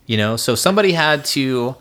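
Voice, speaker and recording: Podcast co-host, male, mid-pitched, loose rambling storyteller, lots of restarts. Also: lively intonation, brisk, fairly bright tone. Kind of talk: casual podcast chat.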